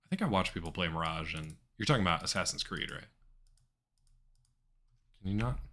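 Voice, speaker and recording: A man rambles casually through a live game stream, his voice sitting a little low but bright and forceful. He talks to chat with many ums and restarts. Keyboard clicks tap along in the background. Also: expressive, a little fast. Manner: rambling, chatty, with frequent fillers. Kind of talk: casual live-stream commentary while gaming.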